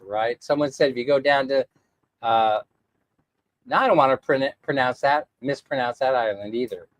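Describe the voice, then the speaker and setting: A man's voice: medium pitch, dry recording. Chatty man on a dry mic. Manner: chatty, rambling, laughs often. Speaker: vlogger reading live chat. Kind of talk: casual livestream chat.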